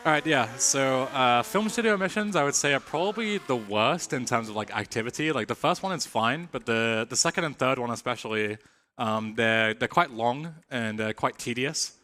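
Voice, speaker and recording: An English man commentating his own speedrun at a live charity marathon, relaxed and chatty with lots of fillers. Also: medium pitch, moderate pace, slight background noise. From England.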